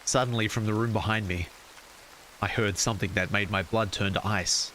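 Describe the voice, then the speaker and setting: A man's voice: lowish voice, steady tone, normal speed, bright, forceful tone, a little hiss or hum, low-quality recording. A man streaming, casually reading a horror story aloud and cracking jokes to chat. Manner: casual, wisecracking asides to chat.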